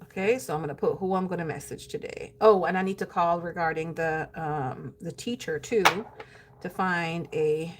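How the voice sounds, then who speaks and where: A woman's voice: fairly low pitch, steady tone, normal speed, slight background noise. A woman chatting casually with her viewers while planning her day, calling them "y'all" and laughing easily. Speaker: planner vlogger. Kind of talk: casual live-stream chat.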